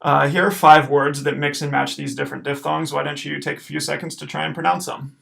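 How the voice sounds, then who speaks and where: A man teaching Latin pronunciation in a recorded lesson, patiently saying each word slowly and then repeating it. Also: a little high, flat delivery, creaky, fairly bright tone.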